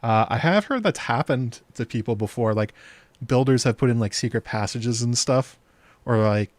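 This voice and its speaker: A man's voice: medium pitch, normal speed, no echo. A man hosting a TV episode breakdown in casual commentary, chatty and sarcastic, laughing at the scenes. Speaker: host of a TV episode breakdown channel.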